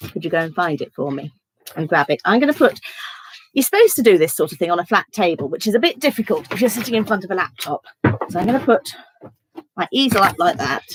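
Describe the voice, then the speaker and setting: Brief: woman, lower register, leads a kids' church craft lesson, chatty and instructive. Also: slightly rough, rough recording. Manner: chatty, step-by-step instructing, giggly. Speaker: children's church leader. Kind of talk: online craft lesson for children.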